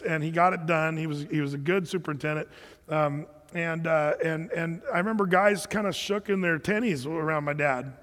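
A middle-aged pastor with a high voice tells stories from the pulpit in a loose, conversational way, often restarting his sentences. His voice carries a long reverb from a church hall. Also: a bit bright. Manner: conversational storytelling preacher, frequent restarts. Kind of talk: sermon.

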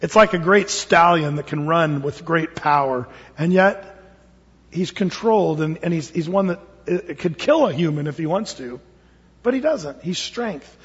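A man preaching a sermon, telling stories in an animated way, acting out voices, often repeating words as he goes. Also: a little high, unhurried, breathy edge. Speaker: pastor. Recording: dull sound with long hall reverb.

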